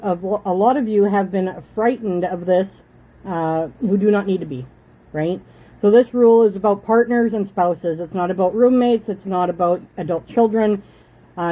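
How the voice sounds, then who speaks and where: A woman in her thirties from Canada talks to her viewers from her living room in a relaxed, chatty way. Her voice is warm and mellow, and she sounds like a busy mother who keeps turning aside to tell her children to eat nicely. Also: medium pitch, poor audio. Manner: chatty, motherly, breaks off to scold kids. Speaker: host. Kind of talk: casual home livestream chat.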